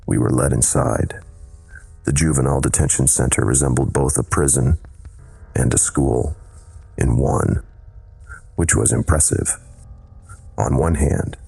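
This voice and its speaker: A man narrating a scripted horror story in a measured, dramatic way. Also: very deep voice, gravelly, darkish tone, husky.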